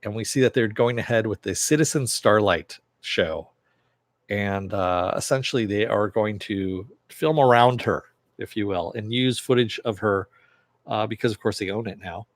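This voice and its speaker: A man's voice: lowish voice, moderate pace, no echo. A man casually recapping a TV episode, retelling scenes loosely with fillers and occasional laughs. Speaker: show reviewer.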